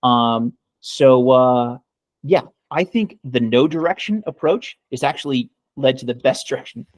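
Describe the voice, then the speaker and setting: A man's voice: mid-range voice, animated, measured pace, no echo. A man co-hosting a podcast in casual chat, giving sarcastic mock praise and rambling with many fillers. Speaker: podcast co-host.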